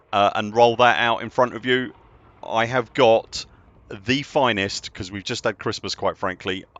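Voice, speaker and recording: A man chatting casually on a game stream, excitable and self-deprecating, often laughing. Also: fairly low pitch, no room sound, lo-fi sound. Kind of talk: casual live-stream chat.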